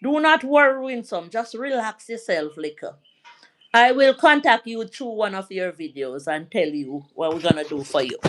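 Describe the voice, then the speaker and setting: This livestream host, a middle-aged Jamaican woman, speaks at normal speed in a medium-pitched, expressive voice over slight background noise. She's chatting casually, telling a family story and responding to comments from viewers.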